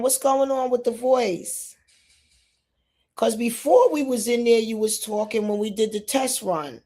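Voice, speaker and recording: A woman from New York hosting a casual live stream, talking straight to her viewers in a lively way. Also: a little high, unhurried. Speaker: livestream host. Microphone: phone or computer mic.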